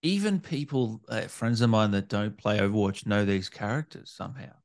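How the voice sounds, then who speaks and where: A man hosting a casual gaming interview, asking questions in a relaxed way. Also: fairly low pitch, normal speed.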